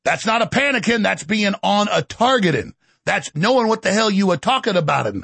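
Fiery, sarcastic man with gravelly voice. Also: high voice, lively intonation, fairly quick, no room sound. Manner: sarcastic, fiery, with shouted bursts. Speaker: talk show host. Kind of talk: ranting monologue.

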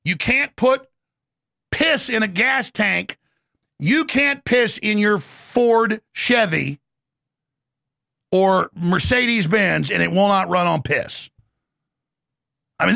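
A man with a raised, rough, gravelly voice rants and shouts on a political talk show. He mocks people as he goes, and the sound is close and dry with no room echo. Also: sits high, lively intonation, slow, pauses often. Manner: gravelly, shouting, mocking impressions. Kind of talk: ranting political commentary.

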